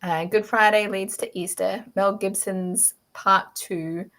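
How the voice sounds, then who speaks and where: Aussie woman chatting on a call, lots of ums and restarts, mid pitch. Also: steady tone, takes it slowly, a bit bright. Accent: Australian. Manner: chatty, many fillers and restarts, laughs often. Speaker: podcast host. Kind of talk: casual chat.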